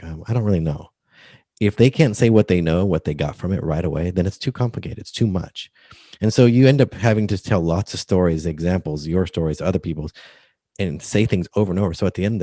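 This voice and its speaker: Low, dark-voiced man explaining earnestly. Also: no room sound, clean studio sound. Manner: earnest, explanatory, acts out quoted readers. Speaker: guest, book coach. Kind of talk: podcast interview.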